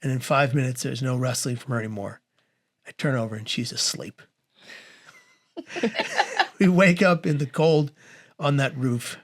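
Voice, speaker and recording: A man in his forties telling a comic story as a guest, animated and acting out the voices of the people in it. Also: moderate pace, pauses often. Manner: animated, acts out quoted voices with big pitch swings.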